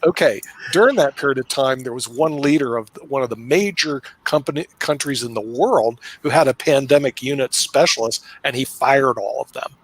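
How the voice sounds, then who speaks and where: A man's voice: medium pitch, normal speed, hardly any pauses, slightly rough, rough recording. A man hosting a casual online panel discussion, blunt and sarcastic, making jokes.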